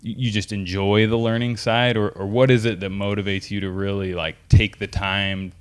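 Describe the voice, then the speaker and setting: A male podcast host with a low, deep voice who talks in a loose, casual way. His questions ramble, and he keeps restarting them with fillers before he reaches the point. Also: flat delivery, moderate pace, clean tone. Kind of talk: casual interview chat.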